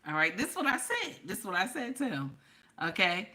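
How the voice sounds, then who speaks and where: Bright, teasing woman. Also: medium pitch, fairly quick. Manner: animated, teasing, talks straight to chat viewers. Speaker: livestream host reading chat. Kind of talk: casual reaction livestream chat.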